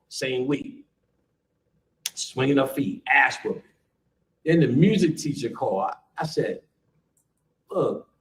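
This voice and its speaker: A man telling a profane family story to a live audience, laughing often and acting out the people he quotes. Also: mid-range voice. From United States. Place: lecture room. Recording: roomy live lecture room.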